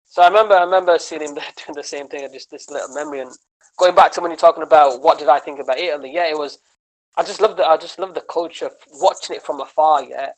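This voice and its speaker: A man chats on a podcast as a guest comedian, telling animated stories. He rambles and restarts his sentences, often tagging them with "right?" and "man". His voice sits a little on the high side. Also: fast talker, rough recording. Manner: chatty, tags lines with "man" and "right?". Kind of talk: casual podcast chat.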